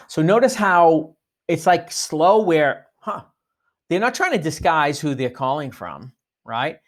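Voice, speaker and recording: A man's voice: fairly high pitch, big pitch swings, measured pace. A man giving a sales training talk, coaching listeners and acting out sample phone greetings. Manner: coaching, demonstrates phone lines.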